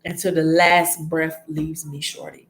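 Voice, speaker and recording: A woman voicing a heartbroken young man who pleads with his lost love, talking low and rushed in an echoey room. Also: flat delivery. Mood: pleading.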